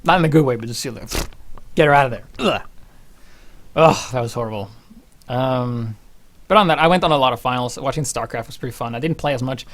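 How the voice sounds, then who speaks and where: A young man from Norway, telling personal stories casually in a rambling, animated way with free swearing. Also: medium pitch, a little fast, long pauses. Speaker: channel host.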